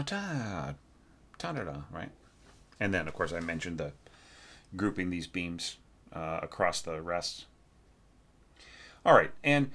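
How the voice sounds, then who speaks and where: A man with a low-sitting voice teaches orchestration, evaluating a student's score in a relaxed spoken way. He thinks aloud as he goes, humming phrases on nonsense syllables.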